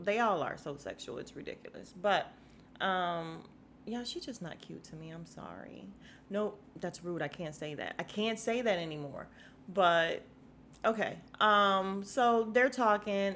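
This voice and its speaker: A woman's voice: medium pitch, fairly bright tone, a little hiss or hum. A young woman from Chicago hosting a podcast, giving a blunt, sassy recap of a reality dating show and talking straight to her listeners. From Chicago, USA. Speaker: podcast host.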